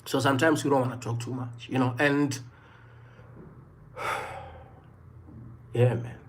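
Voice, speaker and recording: A South African man in his thirties tells a personal story on a livestream. His voice sits at an ordinary middle pitch. He speaks earnestly, circling back to repeat his points and leaning on "you know" fillers. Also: fairly even intonation, measured pace, a little hiss or hum. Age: 30s. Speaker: livestream host.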